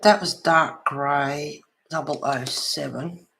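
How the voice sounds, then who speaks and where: Gravelly-voiced man chatting while colouring. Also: fairly high pitch, fairly even intonation, takes it slowly, noisy background. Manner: chatty, rambling anecdotes with laughs. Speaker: colouring channel host. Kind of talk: casual chat while colouring.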